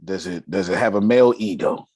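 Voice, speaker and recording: A raspy-voiced man giving a motivational business lesson, emphatic and casual, firing off rhetorical questions. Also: deep voice, fairly quick, darkish tone, dry recording. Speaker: business mentor. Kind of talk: motivational teaching.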